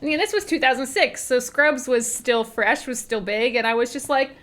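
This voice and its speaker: A woman co-hosting a relaxed podcast with a crisp, bright, fairly high voice. She giggles often as she tells her stories. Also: normal speed. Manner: giggly, laughs often between phrases. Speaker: podcast co-host. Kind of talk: casual chat.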